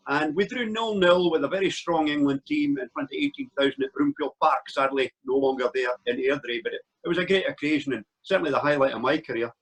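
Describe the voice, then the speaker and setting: A former goalkeeper with a slightly high voice reminisces proudly about his career. He speaks in an easy, reflective way. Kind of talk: casual reminiscing.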